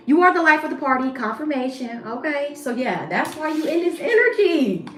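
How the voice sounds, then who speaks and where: A woman's voice: high voice, sing-song, normal speed. A woman giving a casual tarot reading to camera, blunt, slangy and profane. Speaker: tarot reader. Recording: echoey room with faint music.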